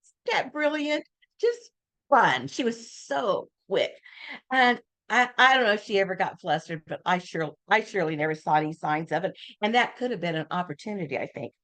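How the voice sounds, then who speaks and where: An older woman giving a casual talk as guest speaker, telling lively anecdotes and acting out the voices of people in her stories. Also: on the low side, brisk.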